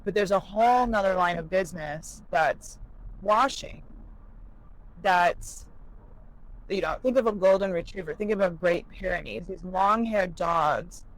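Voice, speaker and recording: A woman's voice: on the low side, unhurried, low-quality recording. A woman talking candidly in a vlog, emotional and rambling, about her experiences as a new business owner.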